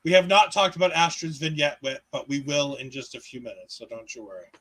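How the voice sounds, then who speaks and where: A man with a high, bright voice co-hosts a casual wrestling recap show. He talks in an animated way, swears freely and keeps breaking into joking asides. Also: a little fast, low-quality recording. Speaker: podcast co-host.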